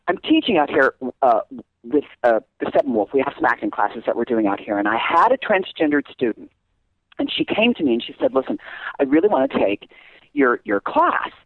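A man who teaches acting, talking in a casual interview with an animated, emphatic manner. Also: a little fast, dry recording. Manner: animated, emphatic, swoops up and down in pitch. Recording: dull lo-fi recording.

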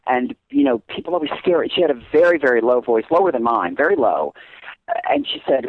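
A man with a notably high voice that leaps and dips all over as he makes his points. The recording is dry and a bit dull and lo-fi. He talks in a casual interview, emphatic and animated, like the acting teacher he is. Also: fast talker, dry recording. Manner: animated, emphatic, swoops up and down in pitch.

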